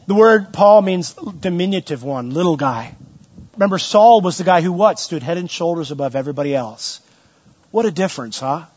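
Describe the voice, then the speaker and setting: A man's voice: animated, a little fast, darkish tone, slightly rough, highs cut off. A middle-aged man preaching as a pastor, asking the congregation questions and lifting his voice for emphasis. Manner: asks the congregation questions, rises in pitch and volume for emphasis. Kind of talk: sermon.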